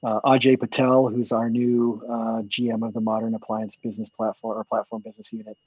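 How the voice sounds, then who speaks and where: Husky-voiced man, chatty call host. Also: fairly low pitch, completely flat delivery, a little fast, no room sound, lo-fi sound. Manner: chatty, rambling with many fillers and restarts. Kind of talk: casual chat on a video call.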